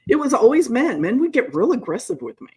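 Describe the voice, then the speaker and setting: Woman, forties, podcast host; brash, profane storyteller, very lively pitch. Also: fairly quick, breathy edge. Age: 40s. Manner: blunt, profane, animated storyteller who laughs often. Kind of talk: casual chat.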